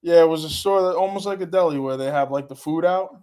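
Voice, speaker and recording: A man's voice: fairly high pitch, fast talker, a little mellow. A middle-aged man hosting a casual live stream, rambling through stories and chatting with viewers. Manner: rambling, laughs while telling stories. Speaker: livestream host.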